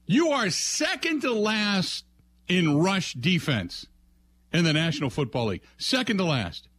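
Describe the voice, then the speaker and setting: A sports radio host, pitched high and swinging all over the place. He rants with mocking exasperation and breaks into goofy acted-out scenes. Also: sing-song, measured pace, a bit bright, dry recording. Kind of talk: ranting sports talk with comic bits.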